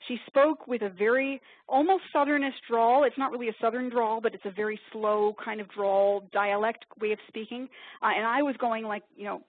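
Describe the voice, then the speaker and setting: A woman from upstate New York presenting a webinar, talking quickly in a chatty, self-deprecating way. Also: on the high side, fairly even intonation. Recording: tinny phone-like webinar audio.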